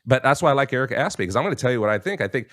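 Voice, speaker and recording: Racing along with lively intonation, a man with a medium-pitched, slightly bright voice hosts a talk show from a dry, clean studio. He hammers home his opinions in a monologue, speaks to listeners as folks, and keeps restarting his lines.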